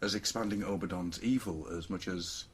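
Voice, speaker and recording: With a low, slightly rough voice at a moderate pace, a man co-hosts a podcast in loose conversation. He jokes a lot, wanders off on tangents, and leans heavily on fillers.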